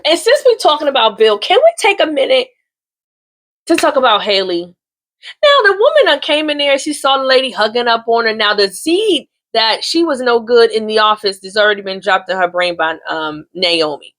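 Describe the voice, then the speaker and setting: A woman recaps a soap opera for her viewers with sass and slang, talking straight at them. Her voice sits high and gets animated as she goes. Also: normal speed. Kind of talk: casual chatty recap.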